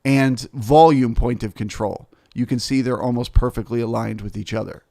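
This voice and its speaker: A man's voice: mid-range voice, fairly even intonation, normal speed, gravelly, warm tone. A man teaching as a futures trader, explaining the market through rhetorical questions and frequent "right?" and "okay?" check-ins. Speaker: futures trader and trading educator.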